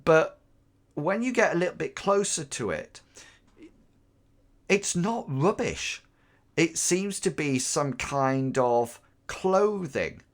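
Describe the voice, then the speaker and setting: A man's voice: on the high side, animated, slow pace, long pauses. A man narrating as game master in a tabletop game, describing scenes with hesitant, filler-heavy phrasing.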